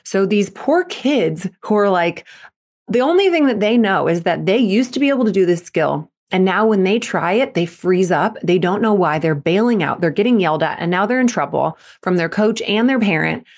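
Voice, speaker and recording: A woman's voice: mid-range voice, expressive, normal speed. Fired-up woman podcast coach. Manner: fired-up, emphatic. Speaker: podcast host and mental performance coach. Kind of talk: solo podcast monologue.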